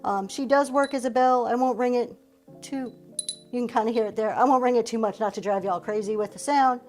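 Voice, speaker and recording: Middle-aged woman hosting a live auction stream, bright and higher voice, chatty and upbeat, faint music behind. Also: brisk. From Pennsylvania. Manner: chatty, upbeat, thanks viewers often. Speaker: live-stream reseller host. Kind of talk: live auction selling chat.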